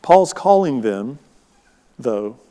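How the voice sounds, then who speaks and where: Pastor preaching in a reverberant hall. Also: male voice, mid-range voice, big pitch swings, slow, dark tone. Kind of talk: sermon.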